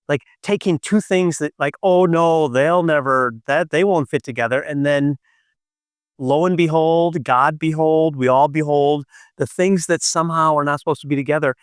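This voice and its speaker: Gentle middle-aged man telling a story. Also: a little high, clean tone, dry recording, studio quality. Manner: gentle, unhurried, with thoughtful pauses. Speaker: storyteller and podcast co-host. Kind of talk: reflective personal storytelling.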